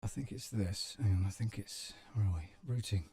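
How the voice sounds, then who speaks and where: A British man hosting a live stream, chatting in a relaxed, self-deprecating way. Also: lowish voice, unhurried, no echo, studio quality. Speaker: live-stream host and voiceover artist. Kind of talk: casual chat on a live stream.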